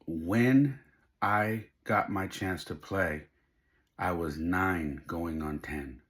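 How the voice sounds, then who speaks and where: This middle-aged podcast host speaks extremely slowly in a deep voice with a fairly bright tone. He shares a personal story that comes across as emotional, heartfelt and driven by faith.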